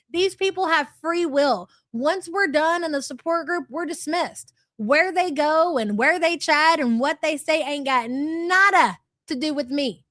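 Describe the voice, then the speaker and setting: A woman in her thirties with a light country twang hosts a livestream. She reads out viewer chats in a high, brash, sarcastic and profane way. Her voice sounds dry and close, with no room around it. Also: bright, forceful tone, no echo. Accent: light American country twang. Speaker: livestream host.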